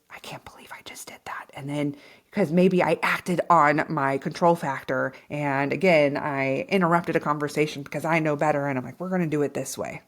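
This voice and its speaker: A woman's voice: sits low, gravelly. A middle-aged woman hosting a podcast, giving a candid, reflective talk and correcting herself as she goes. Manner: candid, self-correcting, animated. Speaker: podcast host.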